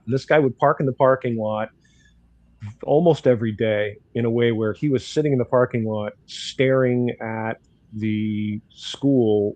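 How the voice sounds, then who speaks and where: A man's voice: medium pitch, a little mellow, no room sound, highs cut off. An older man, a grandfather, bluntly telling a story in casual talk and acting out the dialogue. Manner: blunt, outspoken, acts out dialogue in quotes. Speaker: guest commentator.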